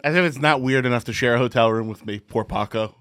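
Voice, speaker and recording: A man's voice: mid-range voice, quick pace, no echo, studio quality. A man co-hosting a comedy podcast, telling stories in casual chat and acting out what people said. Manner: animated storyteller, acts out quotes. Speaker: podcast co-host.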